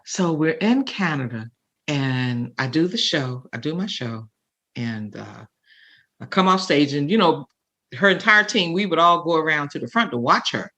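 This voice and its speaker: Bright-voiced older woman telling stories. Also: sits low, moderate pace. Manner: animated storyteller acting out quotes. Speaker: guest comedian. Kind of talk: emotional storytelling.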